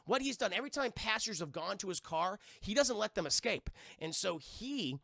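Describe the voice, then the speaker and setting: A man recapping a cartoon episode for a live-stream chat, talking in an energetic, profane, and animated way. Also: high-pitched, a little fast, vocal fry, no room sound, studio quality. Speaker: livestream cartoon reviewer.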